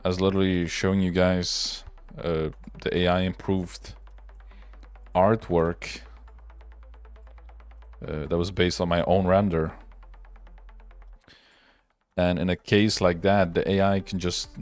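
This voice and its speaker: A man with a deep, low voice rambles through casual, opinionated livestream chatter, swearing freely as he goes. Faint music plays underneath. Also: level tone, takes it slowly, long pauses. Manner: rambling, profane, loose and opinionated. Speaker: livestream host. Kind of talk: casual livestream chat while working.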